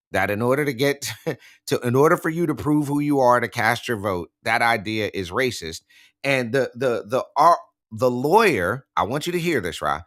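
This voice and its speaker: A man's voice: mid-range voice, a bit bright, no room sound, studio quality. A man co-hosting a casual political morning talk show, reading text aloud with sarcastic, incredulous asides. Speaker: co-host.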